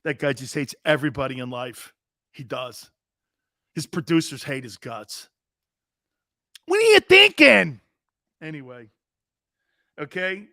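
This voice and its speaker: A man's voice: medium pitch, unhurried, long pauses, a bit bright, dry recording, clean studio sound. A man in his fifties hosting a sports talk show, ranting in a brash, mocking and profane way.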